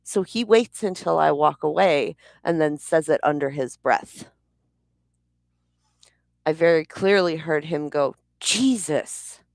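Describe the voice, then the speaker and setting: Blunt, profane woman vlogger, low voice. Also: a little slow, creaky, long pauses, darkish tone, no echo, studio quality. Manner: blunt, profane, heated retelling. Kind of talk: personal storytelling vlog.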